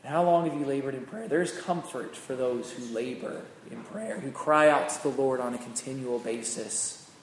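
A man preaching a sermon, swinging from loud, emphatic peaks to hushed, slow phrases. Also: medium pitch. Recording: echoey hall with long reverb, faint noise.

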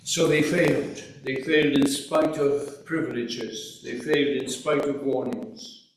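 A man's voice: mid-range voice, fairly even intonation, measured pace. A man preaching a sermon in an earnest, emphatic way, asking rhetorical questions. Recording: echoey hall recorded from far off.

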